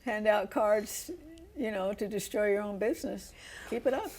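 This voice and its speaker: A woman's voice: medium pitch, moderate pace, darkish tone, slight background noise. A woman hosting a Christian talk show, who asks leading questions and adds emphatic, sympathetic comments.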